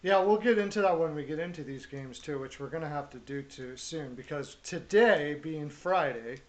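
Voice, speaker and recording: A man hosts a relaxed sports chat show, upbeat and jokey as he runs through picks and greets his regulars. His voice sits a little high for a man. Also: normal speed. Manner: upbeat, loose, jokey, shouts out viewers. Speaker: show host. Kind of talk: casual hockey chat show.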